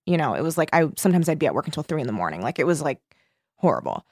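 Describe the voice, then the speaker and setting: A young woman co-hosting a podcast, telling a story in casual chat, animated and swearing freely. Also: deep voice, very fast, dry recording, clean studio sound. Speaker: podcast co-host.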